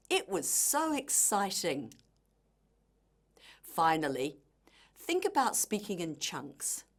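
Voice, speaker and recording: Woman teacher, scripted instructional read, slow and deliberate, animated intonation. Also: low voice. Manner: slow, deliberate explanation of pronunciation points. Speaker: language teacher.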